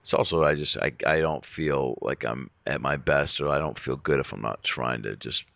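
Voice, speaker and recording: A comedian guest in casual podcast chat, an animated, profane storyteller. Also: male voice, extremely low pitch, normal speed, vocal fry, no echo.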